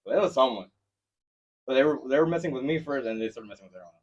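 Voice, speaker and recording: Fast-talking man on a dull lo-fi mic. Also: medium pitch, far from the mic. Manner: fast, animated, profane storytelling. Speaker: podcast guest. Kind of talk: casual chat. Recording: dull lo-fi sound.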